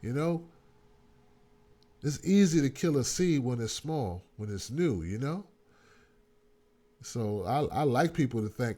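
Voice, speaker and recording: A man's voice: medium pitch, lively intonation, measured pace, long pauses, dark tone. Earnest man rallying his audience. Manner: earnest, repetitive, rallying, informal speech. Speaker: host. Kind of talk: live online talk show with chat shout-outs.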